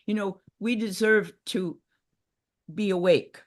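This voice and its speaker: An older woman giving a gentle, reflective talk on a livestream video call, with frequent restarts. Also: medium pitch, steady tone, takes it slowly. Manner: reflective, gentle, many restarts and acted inner voices. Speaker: workshop speaker. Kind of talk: casual teaching talk. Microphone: video call mic.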